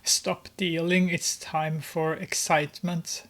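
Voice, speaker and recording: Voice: mid-range voice, little pitch movement, takes it slowly, a bit bright. A gamer giving commentary on gameplay, narrating with many hesitations and amused exclamations.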